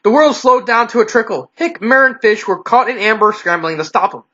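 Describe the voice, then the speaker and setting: A casual story reader with a bright, forceful tone who often trips over words and goes back to fix them. The recording is dull and lo-fi. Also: medium pitch, a little fast. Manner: casual, stumbling, self-correcting. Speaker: fan fiction reader. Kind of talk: story reading.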